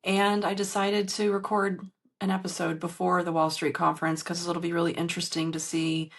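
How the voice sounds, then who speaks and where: Recording on her phone in a hotel room, a podcast host and business coach delivers a candid solo monologue, earnest and emotional, to her listeners. She speaks briskly in a fairly low voice that shows little pitch movement.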